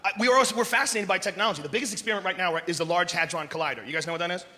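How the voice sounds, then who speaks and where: A man doing a profane, animated stand-up comedy set, often shouting and acting out voices on a large live stage. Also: high-pitched, rapid-fire, noisy background. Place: large live venue with audience. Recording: live stage recording with long hall reverb.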